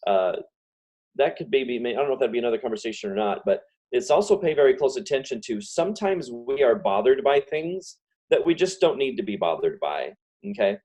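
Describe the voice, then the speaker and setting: A man giving a casual self-help talk on a video call. He talks fast and repeats example phrases over and over. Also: medium pitch, big pitch swings, darkish tone. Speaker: guest speaker.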